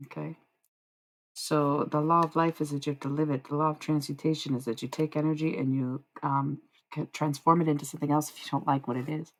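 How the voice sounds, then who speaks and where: A woman's voice: low voice, little pitch movement, fairly quick, low-quality recording. A woman live-streaming casual spiritual readings, rambling and swearing freely as she answers chat.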